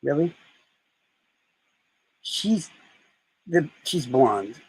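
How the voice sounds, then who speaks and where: A man's voice: fairly high pitch, very animated, very slow, darkish tone, breathy edge, no echo, poor audio. A man chatting casually on a live stream, rambling and swearing as he tells stories. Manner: rambling, profane storytelling.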